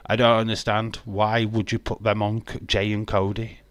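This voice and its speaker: An English man hosts a wrestling watch-along live stream, chatting casually, greeting viewers, laughing a lot, and swearing freely. His voice is on the low side with a level tone and moderate pace, in a dry recording.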